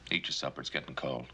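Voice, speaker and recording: An actor playing a level-headed young eldest son on a ranch, reasoning calmly in a 1960s television western. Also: male voice, very deep voice, slight background noise, heavily acted.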